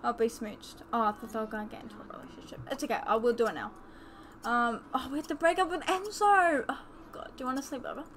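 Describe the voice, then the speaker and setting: A young woman chatting excitedly while commentating a life-sim game, gasping and exclaiming often. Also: a little high, quick pace, a little hiss or hum. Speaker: let's play host. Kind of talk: casual gameplay commentary.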